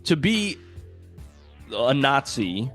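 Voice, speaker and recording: A man's voice: mid-range voice, very slow, faint music behind. A man co-hosting a podcast, chatting casually and animatedly, swearing and acting out scenes. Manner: animated, swears, acts out quotes. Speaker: podcast co-host. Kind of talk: casual movie chat.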